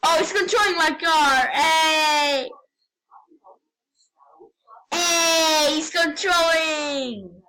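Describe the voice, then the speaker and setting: A woman giving casual, rambling game commentary, excitable and prone to sudden yelps and shouts. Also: extremely high pitch, takes it slowly, rough recording. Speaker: gamer.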